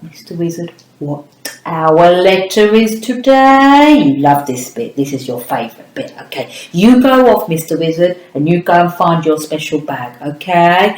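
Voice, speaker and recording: A woman's voice: on the low side, lively intonation, a little slow. A woman from the United Kingdom teaching a children's phonics lesson, encouraging and speaking straight to a young viewer. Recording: echoey room.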